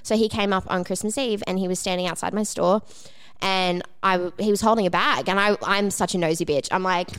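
This woman tells a story on a podcast in a lively, casual way and acts out each quoted line. Her voice is smooth and clear, and she swears freely as she talks. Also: mid-range voice, fast. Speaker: podcast co-host.

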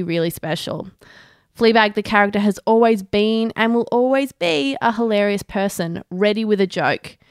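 Smooth-voiced dry woman podcaster. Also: medium pitch, no echo. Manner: dry, sardonic, swears freely. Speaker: podcast co-host. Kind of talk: prepared review read aloud.

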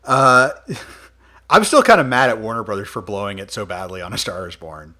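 A man hosting a podcast, chatting casually about movies, animated, laughing often and swearing freely. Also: lowish voice, normal speed. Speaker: podcast host.

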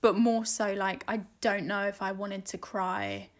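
A woman's voice: mid-range voice, level tone, a little slow. A woman co-hosting a podcast, chatting candidly and swearing freely. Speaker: podcast co-host. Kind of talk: casual chat.

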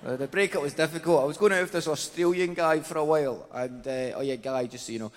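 A man's voice: a little high, quick pace. A man with a Glaswegian accent doing chatty, self-mocking live stand-up on a theatre stage. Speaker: stand-up comedian. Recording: reverberant live theatre, faint noise.

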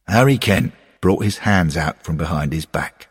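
A man narrating a story in a measured, expressive way. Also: sits low, breathy edge, in a large hall. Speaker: audiobook reader.

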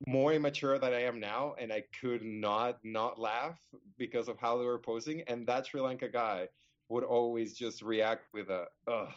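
A young man chats casually on a podcast and tells his story in loose, winding sentences full of fillers and false starts. His voice sits at an ordinary pitch. The recording sounds a little dull and lo-fi. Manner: rambling storyteller, many fillers and restarts. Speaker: podcast co-host. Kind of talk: casual chat.

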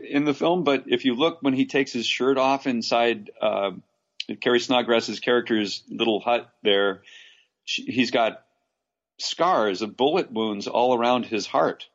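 A man from Los Angeles, an actor, telling stories in a casual interview, rambling with restarts and animated asides. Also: lowish voice, muffled recording. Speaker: actor guest.

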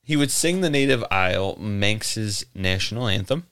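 A man's voice: fairly low pitch, animated, normal speed, heavy background noise. A man co-hosting a podcast, telling a strange story in casual chat, joking and laughing often. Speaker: podcast co-host.

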